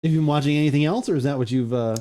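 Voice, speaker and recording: Quick, mellow-voiced male podcast host, rambling casual chat. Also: fairly high pitch. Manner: rambling, many fillers and restarts, animated storytelling.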